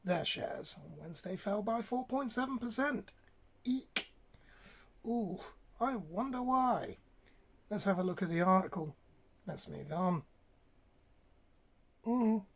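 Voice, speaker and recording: A woman's voice: medium pitch, lively intonation, takes it slowly, long pauses, a little hiss or hum. A British woman vlogging in a mock-posh put-on voice, swearing and chuckling as she reacts to the news. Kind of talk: comic news-reaction vlog.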